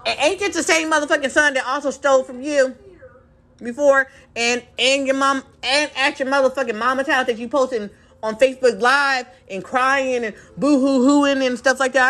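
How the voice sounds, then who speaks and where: A woman's voice: high voice, steady tone, moderate pace, a bit bright. A woman hosting a podcast, delivering an angry, profane, confrontational monologue and mocking others in quoted voices. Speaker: podcast host.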